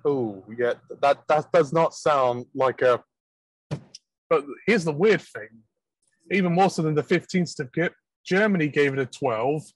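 A man's voice: a little high, moderate pace, no room sound, poor audio. A British man co-hosting a casual chat, rambling and joking, now and then slipping into mock accents. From Britain. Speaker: podcast co-host.

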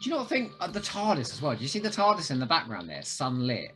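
A man co-hosting a podcast, enthusiastic and jokey, often pausing to find words. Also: fairly high pitch, huge pitch swings, sharp tone, soft background music. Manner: enthusiastic, jokey, hesitant with fillers. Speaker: podcast co-host. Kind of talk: casual podcast chat.

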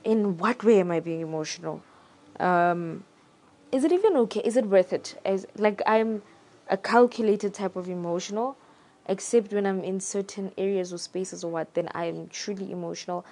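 A young woman talking in a casual, reflective monologue, thoughtful and pausing to search for her words. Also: medium pitch, a little mellow.

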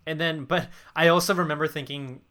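A man's voice: fairly high pitch, fairly even intonation, a little fast, sharp tone. A man co-hosting a casual movie podcast, chatty and often restarting his sentences. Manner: chatty, with frequent restarts and fillers. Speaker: podcast co-host.

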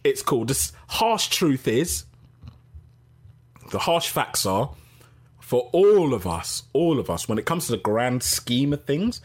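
A man's voice: mid-range voice, very animated, slow, pauses often, husky. Chatty man hosting a livestream. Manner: chatty, gives shout-outs, laughs easily. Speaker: podcast host reading live chat. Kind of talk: casual live-stream chat.

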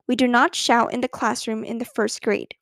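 A woman doing a quiet, patient schoolteacher. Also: a little high, little pitch movement, moderate pace, creaky, dry recording, clean studio sound. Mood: gentle. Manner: quiet, neither cross nor angry.

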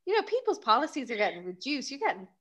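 A woman's voice: sits high, big pitch swings, fast, fairly bright tone. A young Irish woman co-hosting a podcast, bantering wryly with teasing jokes and swearing. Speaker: podcast co-host. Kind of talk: casual chat.

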